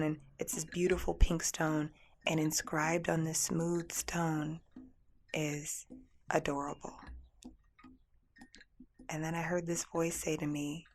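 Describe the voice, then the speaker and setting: Woman radio host, low voice, gravelly edge, earnest storytelling, music behind. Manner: heartfelt, earnest, repetitive phrasing. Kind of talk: personal storytelling on a spiritual talk show.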